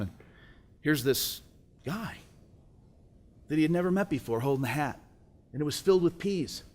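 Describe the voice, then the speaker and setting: A middle-aged man giving an emotional personal testimony at a breakfast event, telling a story and acting out the dialogue. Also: medium pitch. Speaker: speaker at a business breakfast. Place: event hall.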